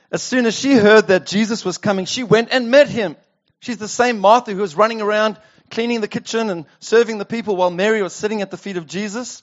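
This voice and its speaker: A pastor preaching a sermon, reading scripture and talking it over conversationally with rhetorical questions. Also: male voice, sits high. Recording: dull lo-fi sound.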